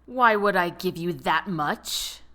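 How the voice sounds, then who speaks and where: A woman voicing a furious, blustering man who shouts and threatens. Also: fairly low pitch, animated, takes it slowly.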